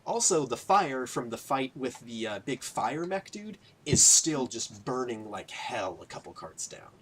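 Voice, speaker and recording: A man's voice: medium pitch, sing-song, a little slow, fairly bright tone, slight background noise, rough recording. A man narrating as game master, casual and full of fillers.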